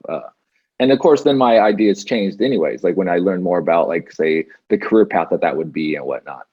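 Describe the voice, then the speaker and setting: A man's voice: low-pitched, lively intonation, a little fast, breathy edge, highs cut off. A man as an interview guest, telling his story casually with many fillers and restarts over a video call. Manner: rambling with frequent fillers and restarts.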